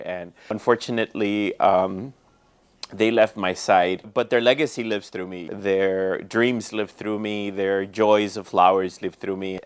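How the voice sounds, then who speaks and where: A man's voice: fairly low pitch, smooth. A man who owns a flower shop, chatting in an interview in a heartfelt, effusive way, full of "you know" and "like". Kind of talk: casual interview chat.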